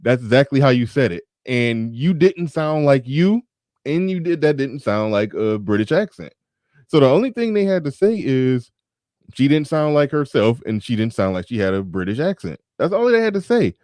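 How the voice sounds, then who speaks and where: A man's voice: mid-range voice, very animated, moderate pace, darkish tone, dry recording. A man hosting a casual livestream chat, rambling and often restarting his sentences, into a studio mic with a pop filter. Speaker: host.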